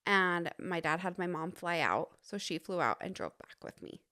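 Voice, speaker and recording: Young adult woman from Utah, animated storyteller guest on a casual podcast. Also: normal speed. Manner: animated storytelling, acting out dialogue in a raised pitch. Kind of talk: casual chat.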